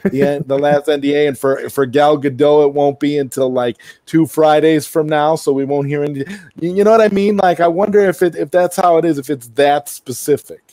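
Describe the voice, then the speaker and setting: A man thinks aloud in a relaxed podcast chat, turning ideas over as he goes. His voice sits slightly high and sounds close and dry. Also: a little fast, no echo. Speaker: podcast co-host. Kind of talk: casual chat.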